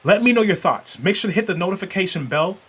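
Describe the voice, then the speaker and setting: A man's voice: high-pitched, animated, quick pace, breathy edge. A man hosting a podcast, giving marketing advice in an emphatic, coaching way with many fillers. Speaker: podcast host.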